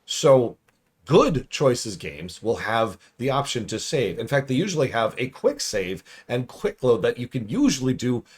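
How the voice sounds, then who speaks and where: A man reviewing a game on a live stream, hoarse and losing his voice, chatty and thinking out loud. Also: medium pitch, sing-song, unhurried. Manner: chatty, thinks aloud, restarts. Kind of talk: casual live-stream commentary.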